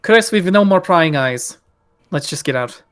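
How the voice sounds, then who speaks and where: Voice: medium pitch, lively intonation, unhurried. Practical player asking rule questions. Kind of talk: casual tabletop game chat.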